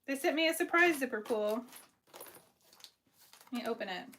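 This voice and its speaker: A woman's voice: high voice, lively intonation, moderate pace, fairly bright tone, a little hiss or hum. Chatty woman hosting a craft livestream. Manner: chatty, lots of fillers, reads viewer comments aloud. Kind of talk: casual live stream show-and-tell.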